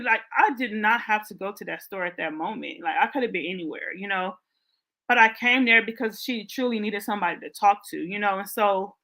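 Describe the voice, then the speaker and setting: Bright-voiced woman, heartfelt rambling storyteller. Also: fairly high pitch. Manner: heartfelt, rambling, heavy use of "like". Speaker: love coach and host. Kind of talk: casual motivational storytelling.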